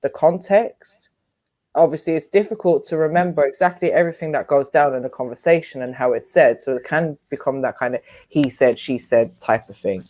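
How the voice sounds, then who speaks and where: A woman's voice: low-pitched, a little fast, mellow, dry recording. A woman with an Irish accent, talking earnestly at length on a casual live panel. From Ireland. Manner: earnest, explains at length with fillers.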